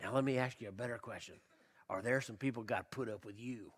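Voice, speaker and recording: A male pastor preaching a sermon, asking the congregation questions and swinging between loud emphasis and quiet low lines, with a slight cough. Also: fast talker, breathy edge. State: slight cough, tickle in throat. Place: church.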